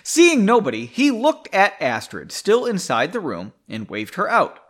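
A man's voice: high voice, huge pitch swings, measured pace. Profane, self-mocking man reading his story. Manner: stumbles and rereads lines. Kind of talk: casual read-aloud with commentary.

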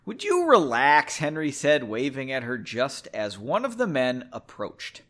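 A man's voice: medium pitch, big pitch swings, a little slow. A man hosting a podcast who reads a story aloud and keeps breaking off into sarcastic, self-mocking asides. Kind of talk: story reading with joking asides.

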